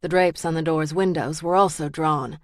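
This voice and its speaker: Woman narrator, thriller audiobook, measured, low-pitched, dry close sound. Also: fairly even intonation, no echo.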